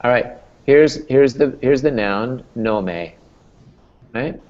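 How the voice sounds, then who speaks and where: A man's voice: mid-range voice, slow, darkish tone, lo-fi sound. A man teaching a Greek class as professor, explaining patiently and checking in with "okay?" and "right?". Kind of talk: classroom lecture.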